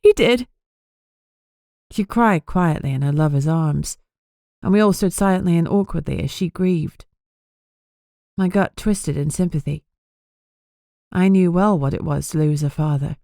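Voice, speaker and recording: A woman narrating a first-person audiobook in an even, measured way on a close mic. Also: low-pitched, creaky, dry recording.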